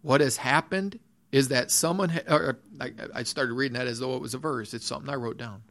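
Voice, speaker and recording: A man's voice: medium pitch, a little fast, a bit bright. A man preaching a sermon in earnest, repeating his phrases, restarting sentences and reading scripture aloud. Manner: reads scripture in old-fashioned phrasing. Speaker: pastor.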